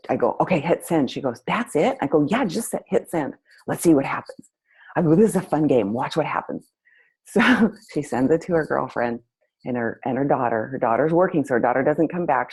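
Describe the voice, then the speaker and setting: A woman's voice: rumbling low, darkish tone, slightly rough, low-quality recording. A woman hosting a talk, telling a story and acting out both sides of a conversation with lots of energy. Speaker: host. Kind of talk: storytelling to an audience.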